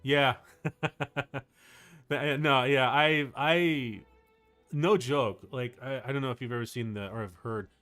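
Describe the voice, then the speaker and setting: A man livestreaming, chatting casually with his viewers in a rambling, excitable way, full of fillers. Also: medium pitch, slow pace, faint music behind. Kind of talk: casual chat to a live chat.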